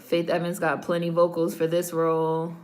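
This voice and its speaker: A woman's voice: fairly low pitch, monotone, moderate pace, a little mellow. A woman hosting a casual watch-along of a film, commenting bluntly and swearing freely. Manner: blunt, profane, talks back at the screen. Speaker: host reacting to a film.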